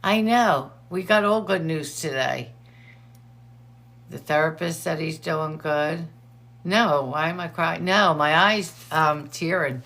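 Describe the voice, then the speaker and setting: Slow, gravelly-voiced woman hosting a livestream. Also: deep voice, fairly bright tone. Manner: chatty, greets viewers by name between updates. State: teary eyes from allergies. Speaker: livestream host. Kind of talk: casual livestream chat greeting viewers.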